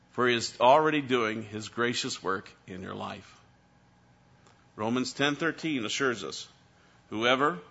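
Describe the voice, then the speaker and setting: A man preaching a sermon to his church as pastor, building to emphatic high points and dropping to a soft, quiet voice to close with prayer. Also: dull audio.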